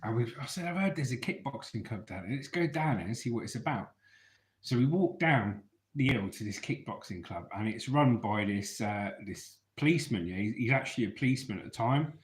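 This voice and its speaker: Chatty guy telling old stories to his viewers, mid pitch, echoey room. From England. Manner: chatty, keeps checking in with listeners. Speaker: storyteller vlogger. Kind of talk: casual storytelling to an online audience. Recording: roomy echo.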